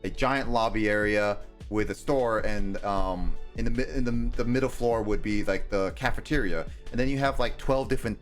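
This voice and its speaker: A young man with a somewhat low voice chats on a stream, halting and restarting often with lots of ums. Faint music sits behind him. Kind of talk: casual chat.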